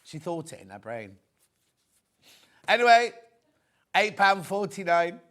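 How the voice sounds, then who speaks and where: A man's voice: high voice, very animated, slow pace, fairly bright tone. A middle-aged man hosting a live shopping show, chatting and joking as he rambles into anecdotes between prices. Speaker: shopping channel presenter.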